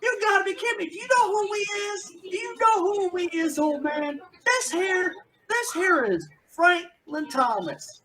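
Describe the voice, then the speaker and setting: A man's voice: very high-pitched, animated, a little slow, pushed and bright, voice pushed up, full character voice. A man doing Franklin Thomas, a taunting outlaw. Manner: taunting, boastful drawl. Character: swaggering bully outlaw gunslinger man.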